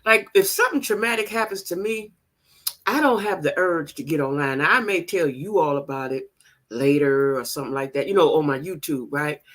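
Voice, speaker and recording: A woman hosts a gossip channel, her low-pitched, slightly bright voice moving at a brisk clip. She chats casually and directly to viewers, repeating phrases for emphasis.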